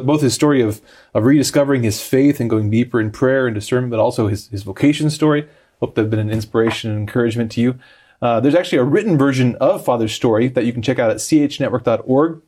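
Male interview host, quick easygoing delivery, dark husky tone. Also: mid-range voice. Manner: quick, easygoing, with many fillers. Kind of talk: interview on a faith program.

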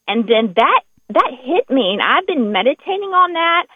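A woman with a Southern US accent calling in to a radio show, halting and heartfelt, with many restarts. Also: high-pitched, big pitch swings, dry recording. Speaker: radio caller. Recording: tinny phone line.

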